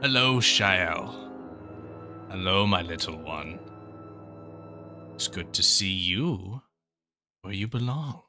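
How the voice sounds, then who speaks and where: A man voicing the ghost of a dead old grandfather, hollow and slow, in a fan-made tabletop game. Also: deep voice, expressive, over music. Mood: tender.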